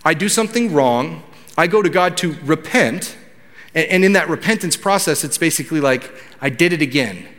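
A man's voice: on the high side, expressive, normal speed, a bit bright. A man preaching a sermon to his congregation in a conversational way, asking them questions. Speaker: pastor. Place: church hall. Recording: long hall reverb.

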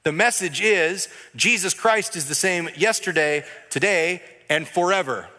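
Male pastor, bright, slightly high voice, casual sermon delivery, acts out quotes, roomy hall reverb. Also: measured pace. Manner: conversational preaching, acts out dialogue. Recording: echoey hall with long reverb.

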